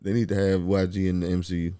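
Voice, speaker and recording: A man's voice: fast talker, clear, resonant tone. A man, chatting casually as a podcast co-host and acting out quotes. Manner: animated, acts out quotes in high voices. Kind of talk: casual chat about a TV show.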